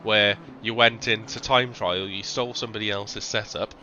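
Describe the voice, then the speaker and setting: A man commentating a sim racing stream in a relaxed, chatty way, with lots of ums and restarts. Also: on the low side, moderate pace, muffled recording. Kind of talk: casual live-stream commentary. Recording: noticeable background noise.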